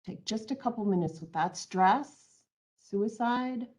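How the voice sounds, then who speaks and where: A woman's voice: a little high, measured pace, a little mellow. A woman presenting an online training webinar, reading out audience answers and then explaining her points earnestly, on a computer mic.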